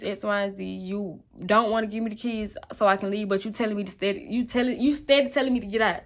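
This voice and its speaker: Young woman, raw emotional storytime to the camera, mid voice. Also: mid-range voice. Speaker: vlogger. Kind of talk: personal testimony storytelling.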